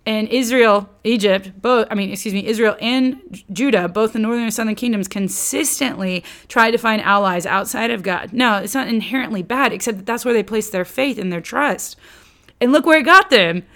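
Animated woman teaching scripture. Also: on the high side, normal speed. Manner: animated and conversational, acts out quotes, uses casual slang. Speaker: Bible teacher.

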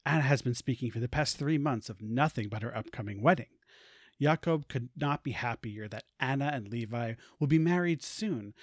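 A man's voice: medium pitch, no echo, studio quality. A man reading a story aloud on a podcast, giggly and stumbling over words. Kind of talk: casual read-aloud.

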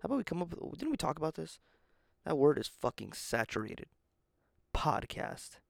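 A man rambles through his solo podcast in a deeply gravelly, fry-laden voice. He sounds tired and self-deprecating, swearing casually as he goes. The mic is close and the sound is dry, with no room in it. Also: huge pitch swings, moderate pace, no room sound. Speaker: podcast host.

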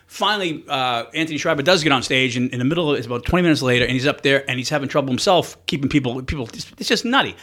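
A man, a stand-up comedian, telling a story in a casual podcast chat, full of fillers and restarts. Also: medium pitch. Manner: animated, fast anecdotes with many fillers.

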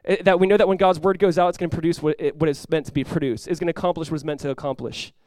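A male pastor preaching a sermon with lots of energy, acting out quoted voices with big jumps in pitch and volume. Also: steady tone, racing, darkish tone, no room sound.

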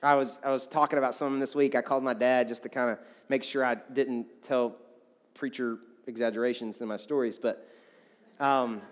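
In a hall with long reverb, a pastor tells stories during his sermon in a loose, conversational style full of asides. His voice is medium in pitch, his tone steady, and he talks fairly quickly.

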